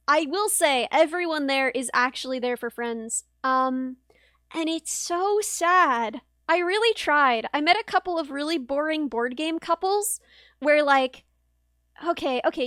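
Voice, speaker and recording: A young woman streamer tells a wry, meandering story in casual chat, full of fillers and little laughs. Her voice sits high. The sound is dry and close, with no room around it. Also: a bit bright, no echo. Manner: chatty, rambling, wry, with laughs and many fillers. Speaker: vtuber streamer.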